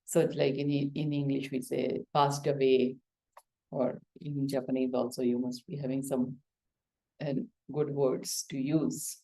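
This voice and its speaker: Low-voiced Indian woman teaching. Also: level tone, unhurried, creaky, warm tone. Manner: questioning, coaxing, acts out examples. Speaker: yoga and Ayurveda teacher. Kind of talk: explaining lesson to a student.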